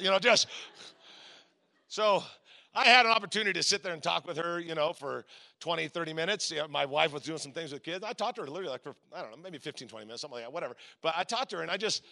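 A middle-aged man from Southern California preaching a sermon, telling a personal story with lively voices for the people in it. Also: fairly high pitch, fast talker, gravelly. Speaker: guest preacher.

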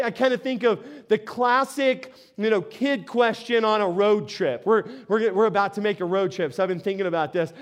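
A middle-aged pastor delivers his sermon like a casual story told to friends, breaking in often with a quick "right?" His voice sits very high for a man. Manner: conversational storytelling with frequent "right?" asides.

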